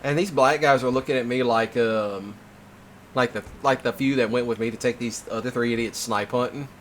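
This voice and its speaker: A man hosting a casual chat, telling stories in an animated way, laughing often and swearing freely. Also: mid-range voice, brisk, slight background noise. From Mississippi. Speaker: host.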